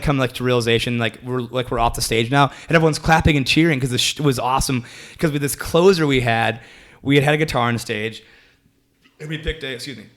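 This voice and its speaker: A young man in his twenties, a comedian telling a rambling story in a casual interview, full of fillers and restarts. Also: mid-range voice. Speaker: comedian guest.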